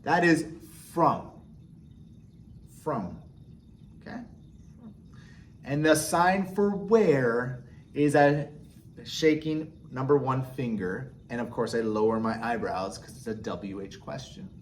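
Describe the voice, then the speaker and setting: A man's voice: medium pitch, takes it slowly, pauses often, slight background noise. A man teaching sign language step by step, patiently checking in with short "okay?" questions. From United States. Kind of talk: instructional explanation.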